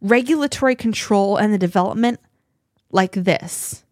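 A woman co-hosting a podcast in easy conversation. She talks in a lively, chatty flow, often doubling back and restarting her sentences. Her voice is recorded close and dry, with no room echo. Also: mid-range voice, normal speed. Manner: animated, chatty, many restarts. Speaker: podcast co-host. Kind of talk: casual conversation.

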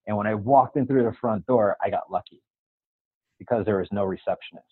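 An animated man tells a personal story as a guest, breaking into laughter now and then. His voice is husky and rough, and it comes through thin and tinny, like a phone line. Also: on the low side, fairly quick. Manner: animated, laughs while telling. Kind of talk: storytelling in casual chat.

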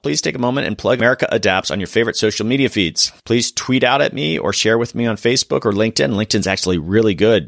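A man hosting a podcast, giving an upbeat sales pitch and talking straight to his listeners. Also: creaky, fairly bright tone, no room sound, studio quality. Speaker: podcast host. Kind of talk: podcast outro and sponsorship pitch.

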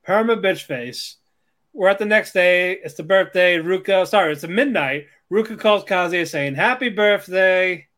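A man's voice: sits high, normal speed, a bit bright. A man co-hosting a podcast, casually recapping episodes in a rambling way, swearing and laughing as he acts out characters' lines. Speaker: podcast co-host.

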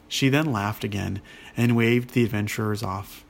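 A man narrating a children's adventure story in an expressive storytelling manner. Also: lowish voice, moderate pace, gravelly.

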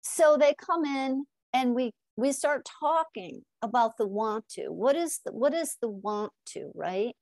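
A middle-aged woman speaking as a hypnotist guest in a podcast interview. She tells animated stories, acts out both sides of conversations and keeps asking "right?". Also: fairly high pitch, unhurried, few pauses, no room sound. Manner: animated storyteller acting out dialogue, frequent "right?".

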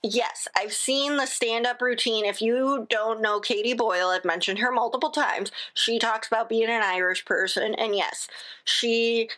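A woman's voice: on the high side, fairly even intonation, normal speed, pushed and bright. A woman from the United States hosting a solo podcast, talking in a rambling, chatty way and often breaking off her own sentences. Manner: rambling, chatty, self-interrupting with "again". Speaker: podcast host.

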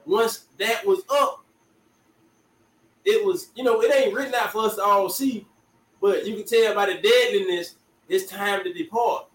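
A man's voice: sits high, a little slow, long pauses, fairly bright tone. A man hosting a casual chat, drawling and repeating his phrases with slang. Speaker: podcast host. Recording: echoey room from far off.

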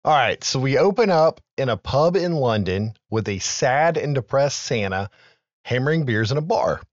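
A man's voice: medium pitch, lively intonation, moderate pace, no room sound, muffled recording. Casual man recapping a movie on a podcast. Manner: conversational, recaps film trivia with loose asides and profanity. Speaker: podcast co-host.

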